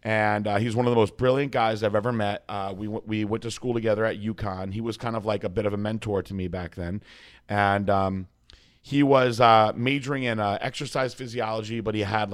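A man's voice: on the low side, steady tone, brisk. A man guest coach telling a story in a casual interview, swearing freely and mimicking others in a raised voice. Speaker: podcast guest, bodybuilding coach.

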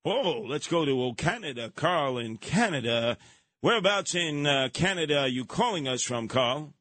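A man's voice: fairly high pitch, lively intonation, normal speed, a bit bright, no room sound. A man hosting a call-in radio show, rambling and sarcastic with combative asides. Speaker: radio talk show host. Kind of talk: call-in talk radio monologue. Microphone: studio mic, dry.

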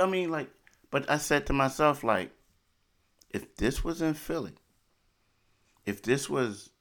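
A man with a very low voice talks casually on a podcast. He is animated and emphatic, often repeating phrases. He slides loosely between chat and sponsor reads. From Philadelphia. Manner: animated, repetitive, emphatic asides. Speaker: podcast host.

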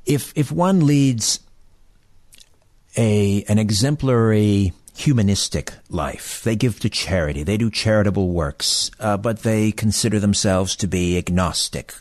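A man calling in to a religious talk show, asking halting, hesitant questions. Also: fairly low pitch, darkish tone, no room sound, studio quality. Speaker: caller.

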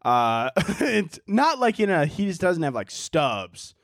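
High-voiced young man ranting on his podcast. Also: slow pace, gravelly, no room sound, studio quality. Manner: animated, profane, mocking impressions of people. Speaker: podcast host. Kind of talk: casual solo podcast rant. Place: indoors at home.

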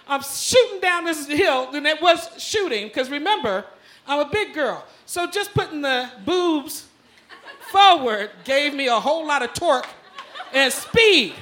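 A woman telling a funny personal story live on a club stage, animated and profane, often laughing as she talks. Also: high voice, a little slow, a little hiss or hum.

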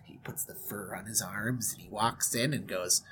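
A man hosting a podcast, retelling a story as a joke-filled casual chat, animated and full of fillers. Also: on the low side, normal speed, a little hiss or hum.

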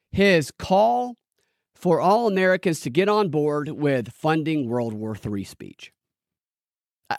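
A man's voice: on the high side, dry recording, clean studio sound. A man hosting a political commentary podcast, talking in a sarcastic, rambling, joking way. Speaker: podcast host.

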